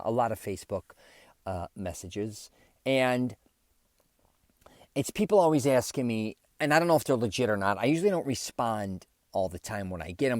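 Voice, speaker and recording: A man hosts his own podcast alone, his voice sitting a little low. He talks candidly and loosely, with plenty of fillers as he works through his thoughts. The sound is dry and close to the mic. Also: no room sound. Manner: rambling, candid, self-reflective with many fillers. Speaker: podcast host. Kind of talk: casual solo podcast monologue.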